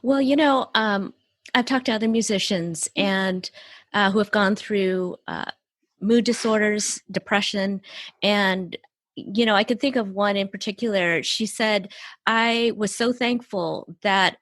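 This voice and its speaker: A woman hosts an interview and asks her questions gently, pausing on fillers as she goes. Her voice sits at a middle pitch. The recording is dry and close, with no echo. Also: steady tone. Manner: gentle, measured, with frequent fillers. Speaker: podcast host.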